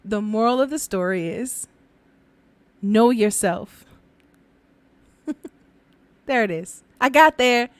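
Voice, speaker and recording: A woman's voice: a little high, animated, measured pace, a bit bright, smooth, no room sound. A woman hosting a podcast, telling folk tales in a casual, chatty way and laughing often. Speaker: podcast host and storyteller.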